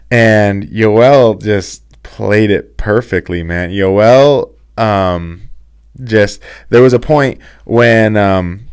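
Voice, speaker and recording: Smooth, low-voiced man giving opinions. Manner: rambling, frequent restarts and fillers. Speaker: host. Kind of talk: casual opinion commentary.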